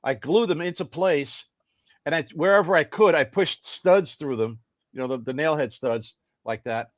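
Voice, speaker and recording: An older man tells winding anecdotes as a podcast guest, circling back and restarting as he goes. His voice sits fairly high for a man. The sound is dry and close. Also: normal speed, no room sound. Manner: rambling, animated storyteller. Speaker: guest musician. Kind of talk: casual anecdotal interview.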